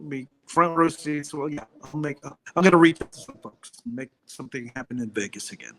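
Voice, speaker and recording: A man, a comedian guest, chatting casually, joking and riffing quickly while plugging his shows. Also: fairly high pitch, fairly bright tone, a little hiss or hum. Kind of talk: casual chat.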